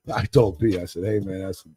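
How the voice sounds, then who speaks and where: A man's voice: on the low side, husky, no echo. A man in casual chat, telling a story with lots of swearing and acting out what everyone said. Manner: profane, animated storyteller acting out quotes.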